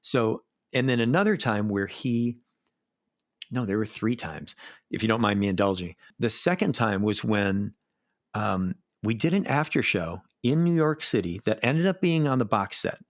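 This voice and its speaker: A middle-aged man, a live sound engineer, telling animated backstage stories in a casual interview. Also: lowish voice, normal speed, no room sound, studio quality. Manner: animated anecdotes, acts out quoted voices.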